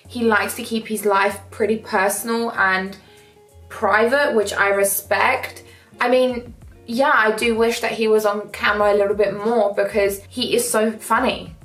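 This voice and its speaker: A woman's voice: medium pitch, fairly bright tone. A woman vlogging in a casual get-ready-with-me chat, candid and emotional, breaking into laughing storytelling. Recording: roomy echo with faint background music.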